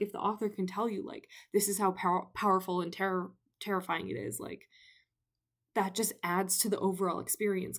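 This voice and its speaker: Young woman, book vlogger, casual and breathless, gushing fan energy. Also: mid-range voice. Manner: gushing, breathless, many fillers, rambling enthusiasm. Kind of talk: excited casual book chat.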